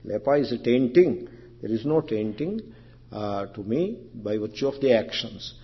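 A man teaches a scripture class in a slightly husky voice, pausing to explain each term and circling back over his phrases. The recording is dull and lo-fi. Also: medium pitch, expressive. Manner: explains terms, repeats and restarts phrases. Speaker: spiritual teacher.

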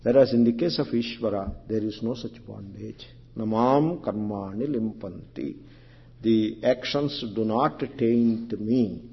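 A man teaches a scripture class in a slightly husky voice, pausing to explain each term and circling back over his phrases. The recording is dull and lo-fi. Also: fairly low pitch. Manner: explains terms, repeats and restarts phrases. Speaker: spiritual teacher.

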